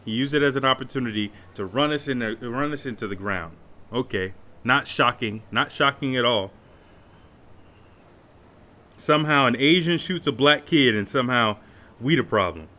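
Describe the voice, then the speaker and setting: A man's voice: medium pitch, moderate pace, sharp tone. A young man giving blunt, profane casual commentary, often repeating phrases as he picks his words. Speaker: commentator reacting to a livestream.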